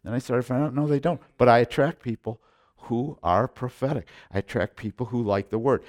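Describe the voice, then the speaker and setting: Middle-aged male pastor, intense emphatic sermon delivery, repeats himself, mid-pitched voice. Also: a little fast, darkish tone. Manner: intense, emphatic preaching with repetitions and restarts.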